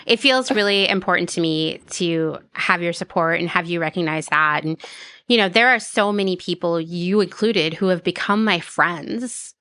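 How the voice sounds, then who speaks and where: Bright, dry-voiced woman podcast host. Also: fairly low pitch, moderate pace, clean tone, no room sound. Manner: candid, earnest, heavy use of "like" fillers. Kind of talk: casual conversational podcast chat.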